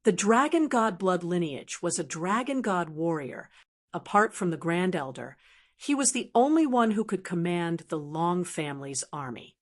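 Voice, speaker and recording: A woman narrating a martial arts fantasy audiobook in a steady, even storytelling manner. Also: lowish voice, normal speed. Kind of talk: scripted narration.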